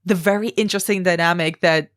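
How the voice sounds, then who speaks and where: Low smooth woman's voice, dry close sound, thoughtful film podcast chat. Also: fairly even intonation, fast talker, no room sound. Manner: thoughtful, asks questions. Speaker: podcast co-host. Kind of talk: casual film discussion.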